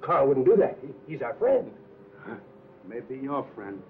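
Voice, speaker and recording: A streetwise movie crook. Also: male voice, medium pitch, big pitch swings, measured pace. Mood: uneasy. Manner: streetwise slang. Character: tough-talking male crook, middle-aged. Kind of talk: 1940s film acting. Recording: tinny old film soundtrack with hiss.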